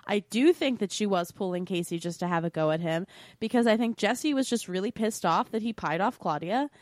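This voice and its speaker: A woman's voice: mid-range voice, expressive, brisk, no echo, studio quality. A woman co-hosting a podcast, recapping episodes in casual chat and giving blunt, opinionated takes with casual swearing. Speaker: podcast co-host.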